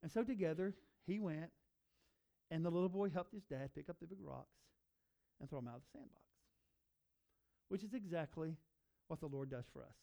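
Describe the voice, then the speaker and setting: A man's voice: a little high, vocal fry, mellow, highs cut off. A male pastor preaching a sermon, earnest and building to emphatic repeated phrases.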